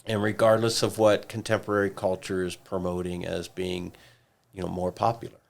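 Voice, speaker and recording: A man co-hosting a church podcast, explaining ideas in a measured, thoughtful way. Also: low voice, flat delivery, creaky. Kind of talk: casual podcast discussion.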